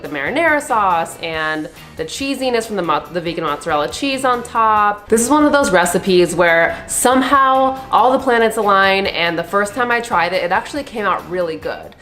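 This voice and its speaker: A woman's voice: fairly low pitch, a bit bright. A woman hosting a cooking channel, chatting in a casual, upbeat way and then walking through the recipe steps.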